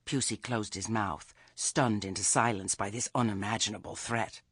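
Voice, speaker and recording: A man narrating a comic fantasy story with a wry, expressive reading. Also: on the low side, normal speed, hardly any pauses, husky, no echo. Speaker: audiobook narrator.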